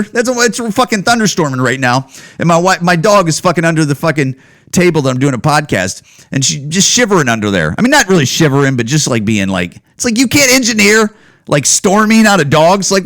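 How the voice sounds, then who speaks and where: A man's voice: high-pitched, a bit bright, no room sound, clean studio sound. A man hosting a podcast from home, ranting solo in a loose, profane, run-on way. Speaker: podcast host. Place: at home, indoors.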